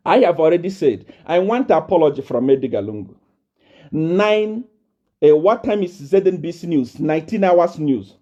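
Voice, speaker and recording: A man from Nigeria, preaching to a congregation as a self-proclaimed prophet. He is boastful and defiant, repeats himself and rises to shouts. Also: sits high, highs cut off.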